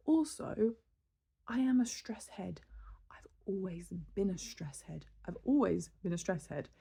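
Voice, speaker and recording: Exasperated woman, 30s, from the UK, gravelly, mellow timbre; vlog rant. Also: mid-range voice, a little slow. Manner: exasperated, animated storytelling with laughs and sighs. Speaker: vlogger. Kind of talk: casual venting monologue.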